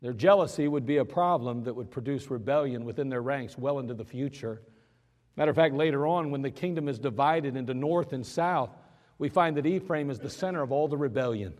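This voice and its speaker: A man's voice: mid-range voice, brisk, a little mellow. A man preaching a sermon, who acts out scenes in dramatic voices. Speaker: pastor. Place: church sanctuary. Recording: long church reverb.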